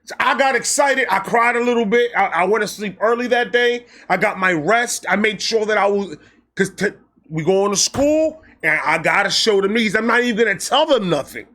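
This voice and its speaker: Man, high voice, bright, excitable, profane, casual storytelling vlog. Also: normal speed. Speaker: storyteller host.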